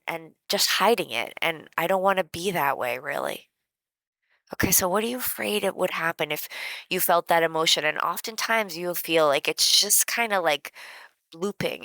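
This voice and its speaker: A woman teaching a guided emotional self-help lesson in a gentle, conversational way, with many casual fillers. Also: deep voice, normal speed, no echo, poor audio.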